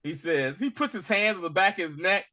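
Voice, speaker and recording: A man hosting a casual recap, acting out scenes with slang and swings from loud to hushed. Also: sits high, animated, fast talker. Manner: acts out scenes in dramatic voices, swinging from shouting to hushed; profane, street slang. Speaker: podcast host recapping a TV episode.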